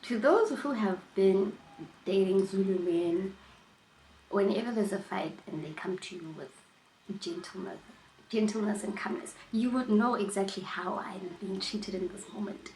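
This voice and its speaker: A woman vlogger telling a personal story in a casual storytime chat, animated and emphatic, often repeating herself. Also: medium pitch, unhurried, echoey room, a little hiss or hum, poor audio.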